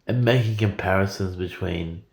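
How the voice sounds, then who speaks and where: A man's voice: sits low, normal speed, creaky, darkish tone, roomy sound. A man in his forties talking in a rambling, profane monologue with frequent stammered repetitions. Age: 40s.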